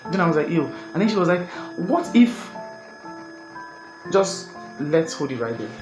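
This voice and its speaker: A young man telling a comic breakup story in an animated, exasperated, rambling way. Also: fairly high pitch, fast talker. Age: young adult. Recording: echoey room, music behind.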